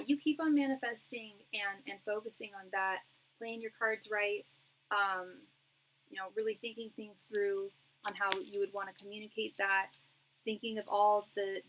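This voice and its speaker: A woman's voice: medium pitch, fairly bright tone, rough recording. A young woman doing a live-stream tarot reading. She talks in a chatty, reassuring way, with lots of fillers and restarts. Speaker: tarot reader.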